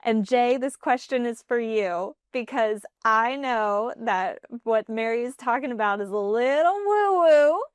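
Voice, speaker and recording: A woman's voice: a little high, lively intonation, a little slow, hardly any pauses, clean tone, no echo, clean studio sound. A woman co-hosting a podcast, asking friendly questions with playful asides. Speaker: podcast co-host. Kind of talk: interview questions, casual chat.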